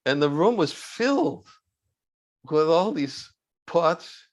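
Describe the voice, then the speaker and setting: Male monk interviewee, a bit high-pitched, halting storyteller. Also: big pitch swings. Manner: unhurried, halting with fillers, chuckles while recalling.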